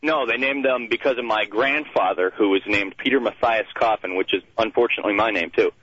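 A man calling in to a radio show, making dry jokes in a deadpan way over the phone. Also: lowish voice, brisk, husky, muffled recording. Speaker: caller. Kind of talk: call-in radio chat. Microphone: telephone.

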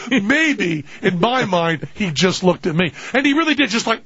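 A man hosting a radio talk show, telling a story in a casual way, shouting the lines he quotes and laughing often. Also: sits high, expressive, unhurried, lo-fi sound, crowd noise.

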